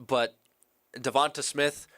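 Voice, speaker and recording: A man co-hosting a sports podcast in a college radio studio, animated and opinionated, his voice starting to give out. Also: mid-range voice. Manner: animated, opinionated, quick asides. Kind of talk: casual sports talk.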